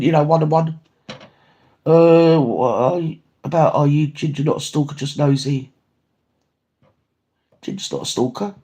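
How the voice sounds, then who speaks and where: A man chatting casually on a livestream, rambling and swearing as he reads out viewer comments. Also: a little mellow. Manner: rambling, swears, swings pitch up and down often. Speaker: livestream host.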